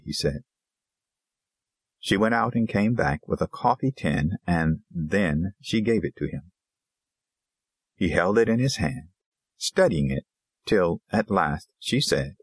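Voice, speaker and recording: A man narrating an audiobook in a measured storytelling manner. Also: deep voice, sing-song, husky, dry recording. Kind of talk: scripted narration.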